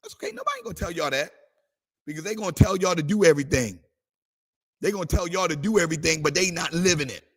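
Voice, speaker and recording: Husky and fast, this pastor's fairly high, sing-song voice carries an impassioned sermon for livestream viewers. Call-and-response lines alternate with bursts of singing.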